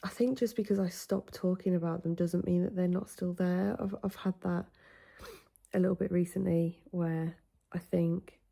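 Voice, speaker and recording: Young english woman vlogging, chatty and sweary, tells stories fast and lively. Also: on the low side, gravelly, husky, no echo. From England. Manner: chatty, swears freely, animated retelling. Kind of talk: casual vlog chat.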